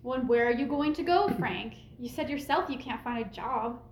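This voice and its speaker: A woman's voice: fairly high pitch, lively intonation, normal speed, echoey room, close to an everyday voice. A woman reading the part of the boss's daughter, pleading and guilt-tripping, in an amateur script reading.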